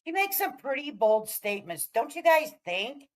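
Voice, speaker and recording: A woman's voice: sits high, big pitch swings, moderate pace, low-quality recording. A woman hosting a casual reaction stream, talking in a sassy, blunt, profane way. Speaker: commentary streamer host.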